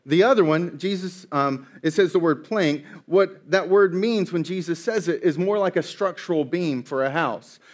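A man preaching a sermon, telling a story with playful, animated asides. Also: on the high side, normal speed, hardly any pauses. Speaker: pastor.

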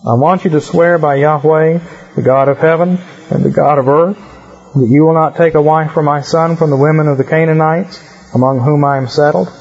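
A man's voice: fairly high pitch, steady tone, moderate pace, creaky, darkish tone, husky. A man reading as an aged patriarch giving orders. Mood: solemn. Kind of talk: reading scripture aloud. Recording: muffled lo-fi recording.

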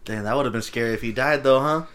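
A man's voice: mid-range voice, fast, fairly bright tone. An American man chatting casually on a podcast, slangy and laid-back, often laughing. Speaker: podcast co-host. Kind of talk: casual chat.

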